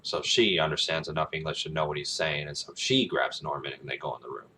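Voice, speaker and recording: A man's voice: a bass voice, fast, pushed and bright, slight background noise. A man casually retelling a film scene, rambling with many ums and restarts. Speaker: aspiring actor, vlogger.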